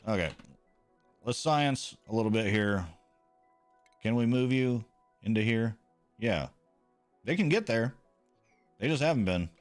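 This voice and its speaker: A man's voice: medium pitch, lively intonation, a little slow, pauses often, faint music behind. A man streaming a video game, chatting casually with viewers in a laid-back, rambling, self-mocking way and swearing now and then.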